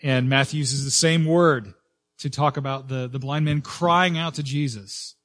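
A man preaching a sermon as pastor, earnest, with frequent fillers and restarts, rising and slowing to stress key words. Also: medium pitch, fairly even intonation, a bit bright.

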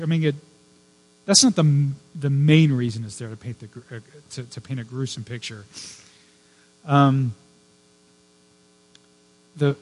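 A man preaching a sermon as a pastor, telling personal stories with casual asides and building to fervent emphasis on his main points. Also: on the high side. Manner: conversational, digressive storytelling with personal asides.

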